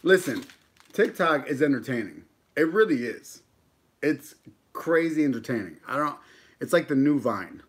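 A man's voice: mid-range voice, sing-song, normal speed. A man in his thirties from the United States, chatting casually and joking while eating on a live stream, swearing freely. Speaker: mukbang YouTuber.

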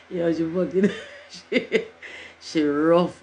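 A woman's voice: fairly low pitch, steady tone, drawn-out words, warm tone, poor audio. A middle-aged woman, chatting casually on a livestream in a rambling, joking way and cursing freely. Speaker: livestream host.

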